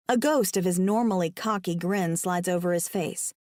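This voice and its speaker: A woman's voice: normal speed, few pauses, darkish tone, no echo, clean studio sound. A young woman narrating a first-person romance audiobook, emotive and dramatic. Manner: emotive, voices the heroine's panic in a higher pitch.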